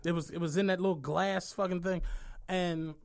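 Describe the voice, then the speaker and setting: A man's voice: high-pitched, normal speed, vocal fry, clear, resonant tone. A young man, telling a story on a casual podcast, swearing and laughing as he goes. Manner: animated, swearing, laughs through his stories. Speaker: podcast co-host.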